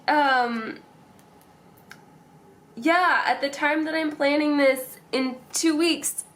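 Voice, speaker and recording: A woman's voice: sits high, slow, a bit bright. A young woman vlogger chatting casually and emotionally as she decorates her planner, rambling and laughing often.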